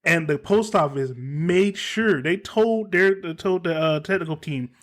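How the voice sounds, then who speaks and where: A man's voice: fairly high pitch, measured pace. A man hosting a casual podcast, telling a story in a heated way and swearing freely. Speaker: podcast host.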